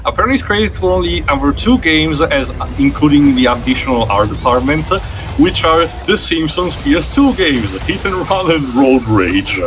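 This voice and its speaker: A man's voice: a little high, lively intonation, normal speed. A man co-hosting a gaming chat, rambling through trivia with many fillers. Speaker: co-host.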